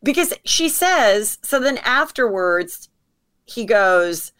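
A woman comedian telling stories as a podcast guest, chatty and quick to act out what people said. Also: fairly high pitch, very animated, a bit bright. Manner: chatty storyteller acting out quotes. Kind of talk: casual podcast chat.

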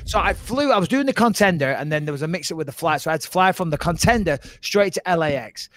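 A man co-hosting a podcast, telling an animated story and swearing freely. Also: a little high, quick pace. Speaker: podcast co-host. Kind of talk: casual podcast chat.

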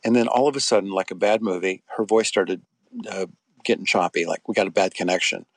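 A man's voice: low voice, brisk, no echo. A middle-aged man being interviewed, telling a personal story in a rambling, conversational way with frequent restarts. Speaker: interview guest.

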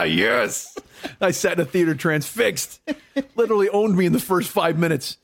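A man's voice: high voice, unhurried, vocal fry. A young man telling a comic story as a podcast co-host, ranting in an exasperated, profane way and acting out quoted dialogue.

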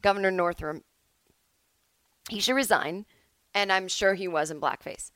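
On a rough but echo-free home recording, a woman with a mid-range, fairly bright voice hosts her own podcast at a moderate pace. It's a casual solo monologue in which she rambles, chats, and keeps breaking off mid-thought.

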